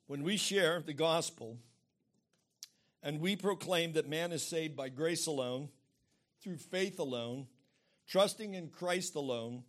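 Emphatic man preaching a sermon. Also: on the high side. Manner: emphatic, rhetorical questions, explains terms.

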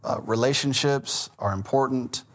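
At normal speed and medium pitch, a Southern American pastor in his thirties delivers a conversational sermon. Along the way he corrects himself and laughs at his own tales.

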